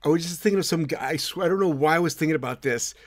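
A man's voice: fairly high pitch, rapid-fire. Blunt, rambling male podcast host. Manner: rambling, blunt, swears freely. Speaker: podcast co-host, dog trainer. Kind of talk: casual podcast chat reading comments.

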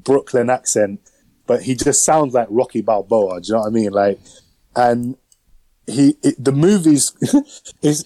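Casting: male podcast host, mellow, slangy and rambling, mid-pitch. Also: no room sound, rough recording. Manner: rambling, slangy, lots of fillers. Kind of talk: casual film review chat.

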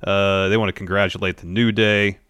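A man with a fairly low voice recaps events in a measured, casual way, dropping in plenty of fillers. He co-hosts a podcast. The sound is dry and close-miked. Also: level tone, a bit bright, clean tone, no room sound. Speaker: podcast co-host. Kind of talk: casual chat.

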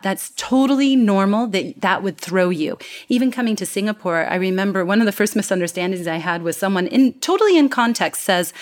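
Animated American woman explaining accents. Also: medium pitch. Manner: animated, explanatory, lively emphasis. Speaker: accent and communication coach. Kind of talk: interview conversation.

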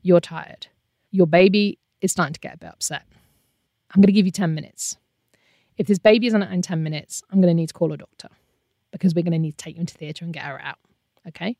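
A woman's voice: fairly low pitch, quick pace, mellow, dry recording, clean studio sound. A woman recalling a midwife, speaking as her in a firm, reassuring way during a birth. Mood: firm coaxing. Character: calm firm female midwife coaching a birth.

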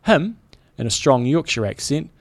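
Brief: podcast co-host, man in his forties, gravelly and dry-sounding, easygoing chat. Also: medium pitch, brisk, no room sound. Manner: easygoing, reads listener stories aloud. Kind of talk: casual chat.

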